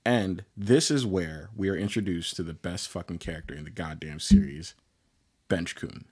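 A man's voice: low voice, normal speed, a little mellow, slightly rough. A man casually recapping an anime on a podcast, rambling with lots of "like" and acting out the characters' lines. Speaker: podcast co-host.

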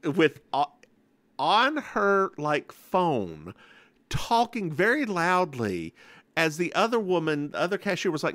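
A man co-hosting a podcast, telling stories in a sassy, animated way and acting out what people said. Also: a little high, takes it slowly, no room sound. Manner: animated, acts out quotes, sassy. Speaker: podcast co-host. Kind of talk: casual chat, storytelling.

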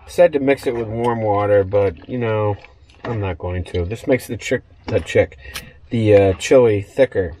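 Laid-back folksy man in an RV. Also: medium pitch. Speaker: vlogger cooking in his RV. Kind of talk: casual chat to camera. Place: small motorhome kitchen. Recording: guitar music playing underneath. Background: guitar music.

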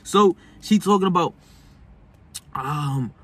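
A young man with a husky, slightly high voice tells a personal story straight to his audience. He talks in loose street slang, cursing freely, and swings between fired-up venting and subdued reflection. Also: slow pace, fairly bright tone. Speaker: self-help vlogger. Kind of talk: casual storytelling monologue.

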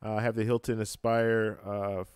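This travel live streamer talks from a home room over a computer fan's whir, mic right up close. His fairly low, clean voice comes through dry as he answers comments casually, relaxed but halting, restarting often, filling pauses, and laughing easily.

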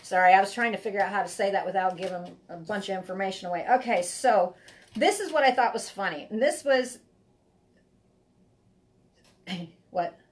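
A woman's voice: mid-range voice, moderate pace, pauses often. Rambling woman reading tarot. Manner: rambling, heartfelt, repeats herself. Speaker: tarot reader. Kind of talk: live-streamed tarot reading.

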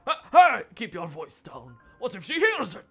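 Guy doing a pompous jealous bar patron, bright gravelly voice, swings all over, quick to flare up. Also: very high-pitched, wildly swooping pitch, soft background music, pitched above the performer's own voice, full character voice. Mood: conspiratorial. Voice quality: gravelly, breathy put-on accent. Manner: haughty, demanding, quick to flare up. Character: jealous pompous male bar customer, bossy.

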